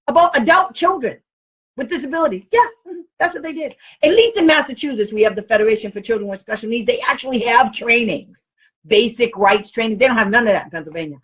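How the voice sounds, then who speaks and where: A woman's voice: fairly high pitch, a bit bright, slightly rough, muffled recording. A woman special education advocate talking casually to camera, blunt and outspoken, often laughing as she speaks.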